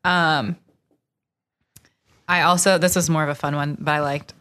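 A woman's voice: low-pitched, steady tone, a little slow, fairly bright tone. A woman co-hosting a podcast, friendly and thinking aloud as she shares picks. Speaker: podcast co-host. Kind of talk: casual chat.

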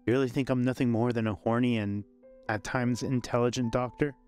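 A man voicing a confident, flirtatious male doctor who teases in a low, playful way. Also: steady tone, fairly quick, darkish tone, clean tone, faint music behind, close to an everyday voice. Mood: teasing.

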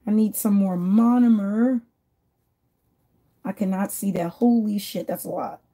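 A woman's voice: mid-range voice, unhurried, mellow. A woman vlogger chatting casually and rambling while she does her nails. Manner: chatty, rambling, laughs often. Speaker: nail vlogger.

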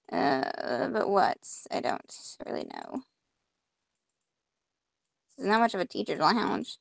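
A woman's voice: mid-range voice, wildly swooping pitch, takes it slowly, vocal fry, pauses often, no echo. A woman playing a point-and-click game, reading the on-screen text aloud and reacting with mock frustration as she goes. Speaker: gamer. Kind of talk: casual let's-play commentary.

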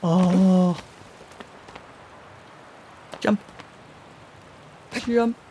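A woman's voice: fairly low pitch, fairly even intonation, drawn-out words, mellow, a little hiss or hum, rough recording. A woman giving casual commentary while playing a video game, talking in an upset, indignant way and swearing. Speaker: let's play gamer.

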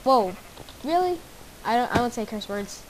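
A woman giving casual gameplay commentary, excitably guessing aloud and exclaiming at the game. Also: on the high side, normal speed, slight background noise, rough recording. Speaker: gamer. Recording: background game music. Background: game music.

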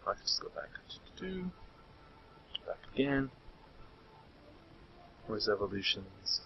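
A man's voice: fairly low pitch, slow, a little hiss or hum. A young man streaming a handheld game, chatting casually with a friend and reading menus aloud. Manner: chatty, reads menu text aloud, laughs often. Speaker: let's-play streamer. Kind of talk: casual gameplay commentary. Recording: lo-fi stream audio with faint game music.

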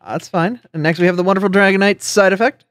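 A woman streamer hosting a relaxed live session and chatting loosely, often repeating herself as she goes. Her voice is recorded very dry, with no room sound at all. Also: medium pitch, fast, no room sound. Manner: friendly, rambling with fillers and repeated words. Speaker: streamer and host. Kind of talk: casual live-stream chat.

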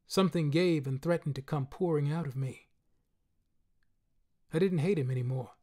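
A man narrating a literary short story in the first person, in a quiet, measured, somber way. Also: fairly high pitch. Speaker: reader.

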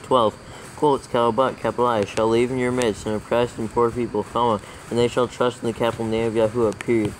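A man reading scripture aloud for proofreading, dictating every capital letter and comma in a steady, even way. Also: mid-range voice, quick pace, a little hiss or hum, poor audio. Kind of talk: dictating text with spoken punctuation.

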